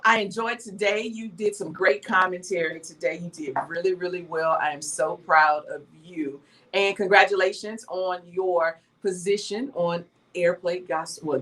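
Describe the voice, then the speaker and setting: A woman's voice: lowish voice, fairly bright tone. A woman from the southern United States hosting a morning radio show, chatting and signing off with blessings. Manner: upbeat sign-off, blessing listeners. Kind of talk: casual radio chat.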